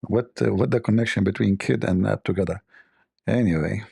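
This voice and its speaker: Gravelly, mellow-voiced man teasing his chat. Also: fairly low pitch, brisk. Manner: teasing, joking, mock-offended banter. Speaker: livestream host. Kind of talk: casual livestream chat with viewers.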